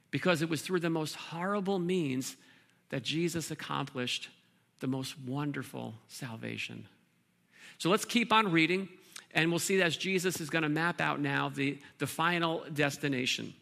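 Gravelly, bright-toned male pastor. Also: on the high side. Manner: earnest preaching with pauses and repeated words. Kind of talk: sermon.

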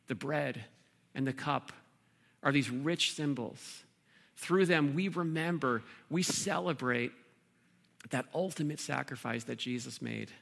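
Male pastor, sermon delivery, bright forceful tone, gravelly texture. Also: mid-range voice. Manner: earnest preaching with pauses and repeated words.

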